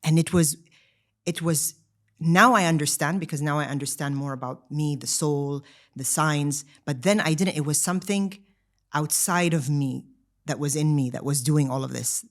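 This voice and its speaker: A woman in her thirties co-hosting a podcast, telling her own story in casual chat, animated and full of "like" fillers and restarts. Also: sits low, normal speed. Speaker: podcast co-host.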